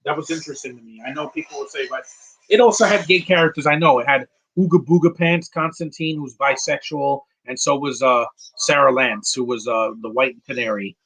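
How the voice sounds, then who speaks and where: A man giving casual live movie commentary, rambling and answering viewers' questions with quick opinions. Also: mid-range voice, a bit bright, husky, low-quality recording.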